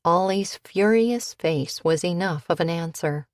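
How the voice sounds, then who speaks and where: Slow low-voiced woman narrating. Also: steady tone, no echo, clean studio sound. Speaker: audiobook narrator. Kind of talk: scripted narration.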